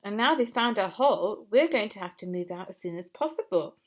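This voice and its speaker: A woman's voice: medium pitch, animated, a little fast, lightly acted. A woman reading a storybook aloud and voicing a clever, determined father fox in an urgent, commanding manner.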